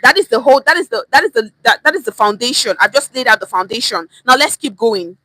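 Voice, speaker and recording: A woman's voice: on the high side, lively intonation, fast talker, sharp tone, dry recording. A young woman with a Nigerian accent teaching a chatty online language lesson, repeating phrases and dropping in pidgin words.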